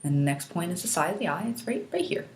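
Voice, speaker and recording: A woman instructor calmly guiding listeners step by step through a tapping technique, asking them to repeat after her. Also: on the low side, quick pace, creaky, slight background noise. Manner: calm, patient step-by-step guidance. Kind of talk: guided instructional demonstration. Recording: echoey room.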